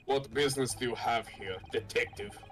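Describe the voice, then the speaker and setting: A man's voice: medium pitch, fairly even intonation, moderate pace, a bit bright, natural voice. A man voicing a stern courtroom judge and officials, reading game dialogue in a commanding, formal way.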